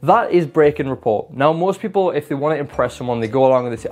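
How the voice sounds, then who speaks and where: A man's voice: mid-range voice, lively intonation, quick pace, hardly any pauses, a little mellow, faint music behind. A man giving casual advice to camera as a self-improvement vlogger, chatty and self-deprecating, and he demonstrates different voices and tones as he explains.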